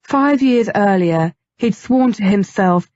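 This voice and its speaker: A woman narrating an audiobook in a measured, even storytelling manner. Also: mid-range voice, no echo, lo-fi sound. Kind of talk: scripted narration.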